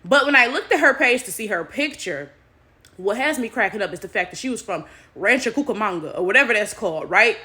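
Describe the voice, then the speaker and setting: An American woman talking straight to her viewers in animated, casual commentary. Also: mid-range voice, a little fast. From United States. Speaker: vlogger.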